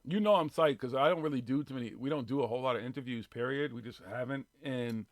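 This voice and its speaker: A man's voice: mid-range voice, fast, no room sound. A man hosting a live radio show in casual chat, profane and ranting with laid-back slang.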